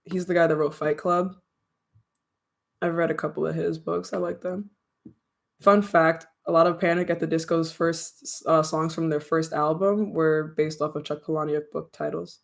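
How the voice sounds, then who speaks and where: A young adult streamer chatting casually with viewers, rambling, slangy and quick to laugh. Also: mid-range voice, fairly even intonation, creaky. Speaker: streamer and audio creator. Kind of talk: casual livestream chat with viewers.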